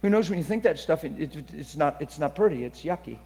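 A man preaching with a husky, somewhat high voice, telling his testimony. He slips from hushed, confiding passages into loud, excited bursts. A long reverb trails every phrase as if in a big hall. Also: brisk. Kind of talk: sermon testimony.

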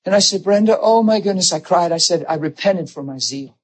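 Husky-voiced man preaching with emotion. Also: sits high, a little fast, poor audio. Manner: emotional, animated storytelling with acted quotes. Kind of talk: sermon with personal stories.

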